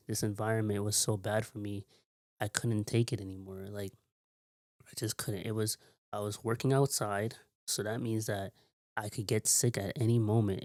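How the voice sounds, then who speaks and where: A man telling a long, rambling story in a casual vlog, repeating himself and filling pauses with "like". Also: lowish voice, a little mellow, no echo, studio quality. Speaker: vlogger.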